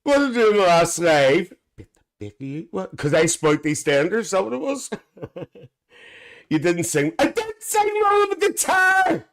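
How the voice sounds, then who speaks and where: A cheeky, gossipy Northern Irish aunty, played by a man, holds court on a live stream, her Northern Irish accent thick and her voice pitched up high. She chatters bawdily and cackles at her own jokes between greetings to her viewers. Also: sing-song, a little slow, full character voice. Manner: chatty, bawdy, cackles constantly. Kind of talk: live-stream banter in character.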